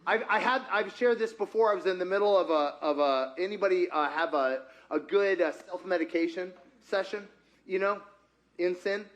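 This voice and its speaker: A man's voice: high-pitched, moderate pace, muffled recording. A man preaching an interactive sermon who talks with his congregation and acts out conversations with God. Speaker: pastor.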